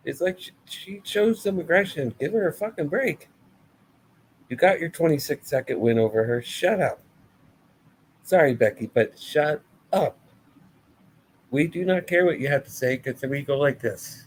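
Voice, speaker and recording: A man's voice: fairly high pitch, moderate pace, long pauses, a little hiss or hum, low-quality recording. A man giving a casual, blunt and sarcastic review of a wrestling show, full of swearing.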